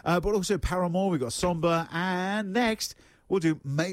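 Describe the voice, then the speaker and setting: A man's voice: high voice, normal speed, no room sound, clean studio sound. A young man co-hosting a morning radio show, chatting casually and rambling, often stumbling and repeating words. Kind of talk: casual on-air banter. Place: radio studio.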